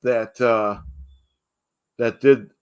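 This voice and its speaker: Male stream guest, mid-pitched, polite, halting delivery. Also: steady tone, clear, resonant tone. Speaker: guest, parody performer. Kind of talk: casual livestream chat.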